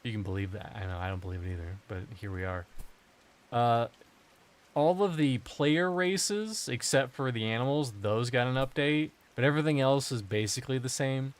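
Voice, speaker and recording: A man with a medium-pitched voice chats through a video game stream at normal speed, joking, swearing and rambling along. There's slight background noise.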